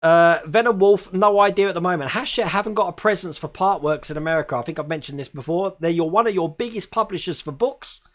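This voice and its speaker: A man's voice: sits high, fast talker, few pauses, a bit bright. A man in his forties from England, hosting a live stream and chatting casually while reading viewer comments, laughing often. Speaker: host.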